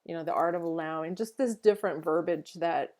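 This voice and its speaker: Chatty reflective woman, low-ish voice. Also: fairly quick, darkish tone. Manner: reflective, chatty, acts out her own inner thoughts. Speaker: podcast co-host. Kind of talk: casual chat.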